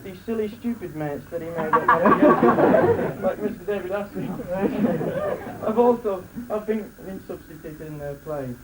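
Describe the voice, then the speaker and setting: A man's voice: sits high, animated, unhurried, few pauses, rough recording. A man giving a joking wedding speech as best man, laughing between lines and restarting his sentences. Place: wedding reception room. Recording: loud crowd and noise, live reception.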